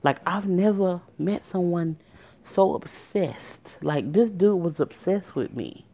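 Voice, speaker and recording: A woman's voice: on the low side, takes it slowly. A woman telling a personal story to her viewers in a casual, emotional way, talking straight to them. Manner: emotional, conversational, addresses viewers directly. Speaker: storyteller vlogger. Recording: dull lo-fi recording.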